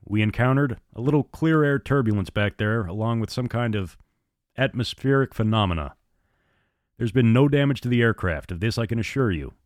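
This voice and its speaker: A man's voice: mid-range voice, lively intonation, fairly quick, no echo, clean studio sound, lightly acted. A man doing a terse airline captain. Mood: reassuring. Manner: curt, clipped orders. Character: gruff male airline captain, terse and commanding.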